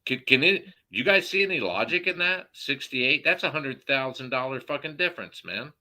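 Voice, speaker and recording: Furious cursing man with a sharp voice. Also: mid-range voice, lively intonation, moderate pace, low-quality recording. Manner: profane, heated, loud outbursts. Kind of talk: angry political rant.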